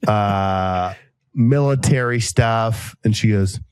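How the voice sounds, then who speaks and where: A man in his thirties hosting a podcast, telling a long casual story and acting out each quoted voice with sudden jumps in pitch. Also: takes it slowly, a little mellow, smooth, dry recording. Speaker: podcast host.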